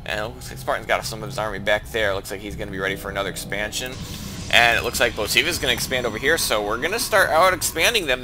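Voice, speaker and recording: Playing a team strategy game, a medium-pitched man gives loose play-by-play, thinking out loud and starting over many times. When a fight erupts, his voice climbs.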